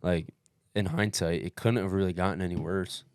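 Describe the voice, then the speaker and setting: Low-voiced man telling a race story. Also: moderate pace, clean tone, no room sound, studio quality. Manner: profane, animated retelling with acted-out quotes; peppers speech with dude and bro. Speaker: podcast co-host recounting his race. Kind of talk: casual storytelling.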